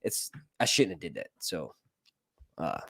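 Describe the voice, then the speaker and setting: A man's voice: a bass voice, very animated, unhurried, gravelly, sharp tone, no echo, clean studio sound. A man giving casual, profane movie commentary, rambling between jokes and reading passages aloud. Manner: profane, rambling, jokey asides. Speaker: film reviewer.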